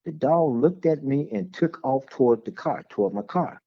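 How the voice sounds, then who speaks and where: Gravelly man telling stories. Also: fairly high pitch, expressive, normal speed, no room sound. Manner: rambling, repeats words while telling stories. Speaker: guest. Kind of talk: casual storytelling conversation. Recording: dull lo-fi sound.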